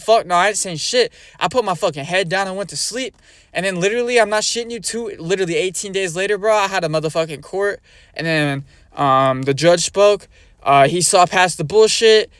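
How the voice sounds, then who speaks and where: A man's voice: a little high, a bit bright, clear, resonant tone, dry recording. Rambling, profane young man telling a story. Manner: rambling, profane, fillers like "bro" and "you know what I mean". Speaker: storyteller vlogger. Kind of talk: casual storytelling.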